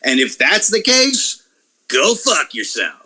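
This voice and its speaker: A man's voice: on the high side, slow, breathy edge. A man talking in a casual podcast chat, ranting and swearing freely about online critics. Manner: profane, animated, ranting. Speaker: wrestling YouTuber guest.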